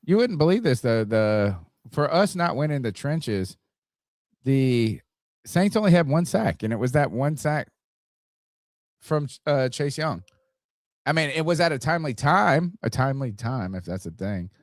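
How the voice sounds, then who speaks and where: A man's voice: medium pitch, big pitch swings, a little slow, no echo, studio quality. A man hosting a sports podcast, reading an ad and giving rambling, casual game analysis. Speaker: podcast host. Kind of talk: casual sports talk and ad read.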